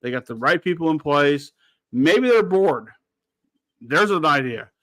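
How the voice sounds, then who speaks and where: A man's voice: fairly high pitch, animated, a little slow, a bit bright, dry recording. A man hosting a sports radio show, talking bluntly and rambling, with some swearing. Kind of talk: casual sports talk.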